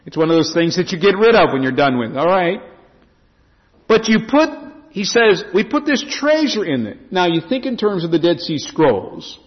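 Lively high-voiced man preaching in hall. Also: moderate pace. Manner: preaching with lively rising and falling emphasis. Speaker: pastor. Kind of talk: sermon. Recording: dull lo-fi sound in a reverberant hall.

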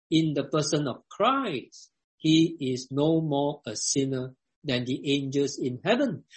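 A man preaching a sermon to his congregation, emphatic and given to repeating his questions. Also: high-pitched.

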